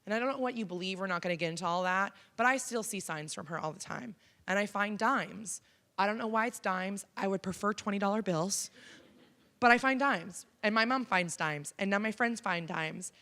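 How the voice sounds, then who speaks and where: Fast and barely pausing, this woman's medium-pitched voice has a fairly bright tone. The Canadian keynote speaker, in her thirties, tells a personal story to a college auditorium audience, frank and conversational, with many ums.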